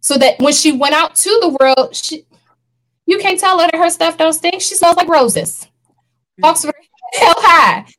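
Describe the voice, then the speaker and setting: A woman with a high-pitched voice leads a casual panel talk. She speaks earnestly and animatedly, with frequent laughter. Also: lively intonation, measured pace, fairly bright tone, rough recording. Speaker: podcast co-host.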